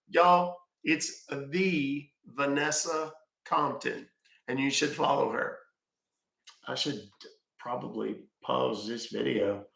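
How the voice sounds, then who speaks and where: A man chatting on a live stream from home, with a gravelly, bright and forward voice. He rambles loosely, thanks viewers by name and swears casually. The sound is echoey, as if recorded in a bare room. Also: mid-range voice. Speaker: live-stream scambaiter host.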